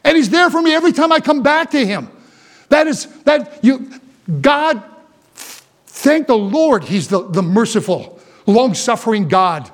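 A man preaching a Baptist sermon, folksy and earnest, with stammering restarts and swings between loud exhortation and hushed asides. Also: very high-pitched, lively intonation, unhurried.

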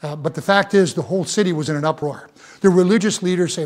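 A man's voice: high voice, fast talker. A man preaching a sermon, stumbling over repeated words and building to fervent emphasis. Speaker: pastor.

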